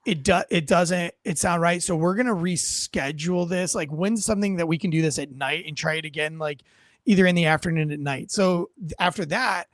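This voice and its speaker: A man's voice: fairly high pitch, brisk, dry recording. A man, a guest author, telling stories with enthusiasm and theatrical flair, then reading his memoir aloud with drama. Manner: enthusiastic, theatrical, lots of fillers. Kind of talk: animated storytelling and dramatic reading.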